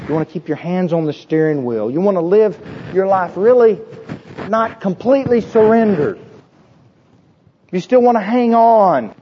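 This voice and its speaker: A man preaching a sermon with a husky voice, emphatic and repetitive, asking the congregation rhetorical questions. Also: fairly high pitch, a little mellow, in a large hall, dull audio, a little hiss or hum. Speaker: pastor.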